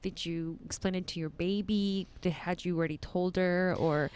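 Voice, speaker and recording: A woman's voice: fairly low pitch, steady tone, moderate pace, darkish tone, smooth. A woman hosting a casual interview, rephrasing her questions as she asks them. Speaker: host.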